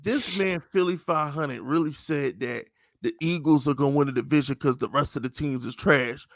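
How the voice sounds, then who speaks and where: A man hosting a casual sports podcast, talking in an animated, mocking, slangy way. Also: a little high, normal speed, no room sound. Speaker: podcast host.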